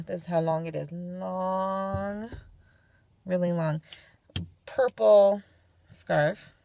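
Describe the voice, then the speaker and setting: Chatty woman with a gravelly edge. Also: fairly low pitch, darkish tone, dry recording. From California. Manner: chatty, homey, playful asides. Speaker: vlogger demonstrating head covering. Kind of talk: casual how-to tutorial.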